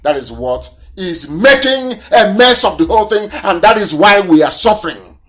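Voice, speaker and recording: A fiery man addresses listeners in a live political broadcast, his voice sitting fairly high for a man. He talks with scorn and rhetorical force, hammering at his audience with repeated questions and blunt accusations. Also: lively intonation, normal speed, a bit bright. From southeastern Nigeria. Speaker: broadcaster and activist leader.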